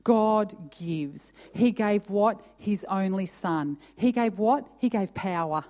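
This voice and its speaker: A woman's voice: medium pitch, a little mellow. Woman preaching in a reverberant hall. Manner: reads scripture aloud with emphatic pauses, then talks it through. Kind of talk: sermon.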